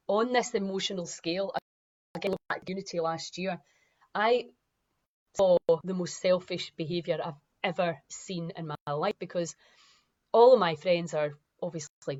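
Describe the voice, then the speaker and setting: A Scottish woman who founded a wellness movement gives an impassioned motivational talk in a lowish voice, with the high frequencies cut off. She speaks emphatically and animatedly, sometimes acting out other people's voices.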